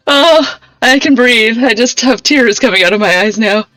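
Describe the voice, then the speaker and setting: A woman's voice: on the high side, expressive, unhurried, pushed and bright, no room sound. A young woman live-streaming a game, chatting with her viewers and laughing often. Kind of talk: casual live-stream chat while gaming. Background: game music.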